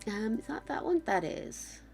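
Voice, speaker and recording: An older woman talks casually to her stream audience while she builds in a game. Her voice is croaky and gravelly from a sore throat, though it sits a little high. She gushes thanks to viewers and pokes fun at herself, with soft music in the background. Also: very animated, unhurried. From England. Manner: chatty and self-mocking, gushing thanks to viewers.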